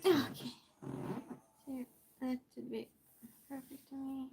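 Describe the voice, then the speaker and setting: Against a noisy background, a woman with a slightly high voice and fairly even intonation speaks slowly, leaving long pauses. She's chatting casually on a live stream, reading and answering viewers' messages as she moves things around her small space.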